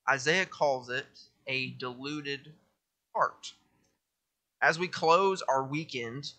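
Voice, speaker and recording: A young man preaching a sermon, reading scripture aloud with emphasis and then talking in a lively, conversational way. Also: on the high side.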